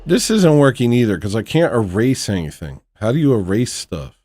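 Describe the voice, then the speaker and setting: A man's voice: mid-range voice, big pitch swings, normal speed, mellow, no room sound, studio quality. A man hosting a casual livestream, rambling and muttering to himself in a frustrated way. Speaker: livestream host.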